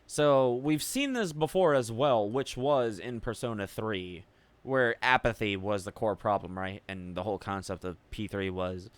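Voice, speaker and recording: A man's voice: fairly low pitch, measured pace, no echo. Rambling man commenting on a game. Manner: rambling, musing aloud with loose fillers; offhand swearing. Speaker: gaming video creator.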